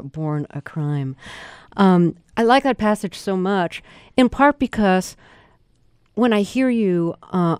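Smooth-voiced woman radio interviewer. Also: fairly low pitch, warm tone, no room sound, clean studio sound. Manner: thoughtful questions with fillers and restarts.

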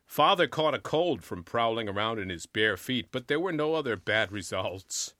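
Male actor narrating comedy, animated, bright and crisp in a dry room. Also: lowish voice, moderate pace, dry recording. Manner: lively animated storytelling. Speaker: actor reading a story. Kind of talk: expressive comic story narration.

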